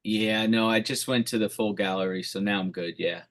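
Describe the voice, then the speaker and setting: A man's voice: lowish voice, fairly even intonation, normal speed. A middle-aged man, a referee coach, presenting on a video call in an upbeat, encouraging way and reading chat replies aloud.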